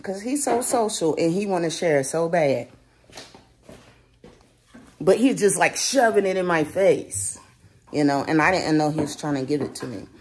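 A young woman talking casually in a home vlog, joking playfully and speaking gently to her child. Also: deep voice, expressive, moderate pace, pauses often, slight background noise. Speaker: vlogger and parent.

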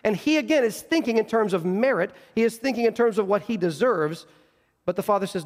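High-voiced pastor preaching in a reverberant hall. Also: male voice, lively intonation, brisk. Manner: earnest, acts out quoted voices, frequent restarts. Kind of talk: sermon. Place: church sanctuary.

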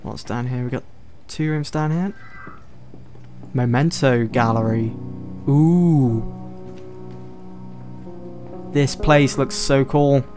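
A man's voice: medium pitch, takes it slowly, pauses often, dark tone, soft background music. A man giving casual let's-play commentary, chatting and thinking aloud as he explores. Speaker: gameplay commentator.

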